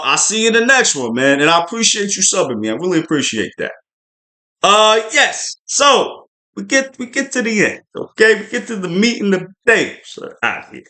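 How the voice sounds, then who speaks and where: A man's voice: high-pitched, bright, forceful tone. A man hosting a podcast livestream, reviewing a show in a chatty, rambling way with lots of fillers. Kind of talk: casual spoiler review livestream.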